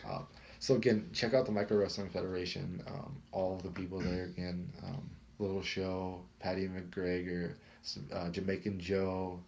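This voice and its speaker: A man hosting a casual podcast chat, excitable and rambling, who swears and keeps saying dude. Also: deep voice, normal speed, gravelly, slight background noise. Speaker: podcast host.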